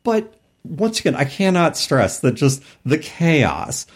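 A middle-aged man with a slightly gravelly voice, casually telling a tabletop game story with lots of laughter. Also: fairly high pitch, slow pace. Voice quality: gravelly from old throat damage. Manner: animated, laughing often, voice jumping up when excited.

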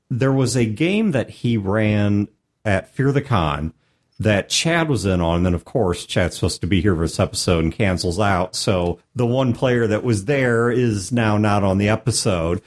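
Low-voiced man hosting a podcast. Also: a little mellow. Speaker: podcast host. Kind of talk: casual podcast chat.

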